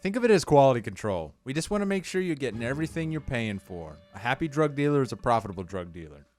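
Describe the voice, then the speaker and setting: A man voicing a tough male police detective in a casual table read, leaning into a quietly menacing delivery. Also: mid-range voice, sing-song, fast talker, faint music behind, lightly acted.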